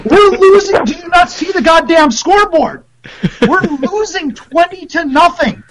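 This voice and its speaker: A man impersonating a furious, profane older football coach, shouting and swearing as he retells a story. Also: very high-pitched, unhurried, pitched above the performer's own voice, low-quality recording. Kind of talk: comic impression inside a told story.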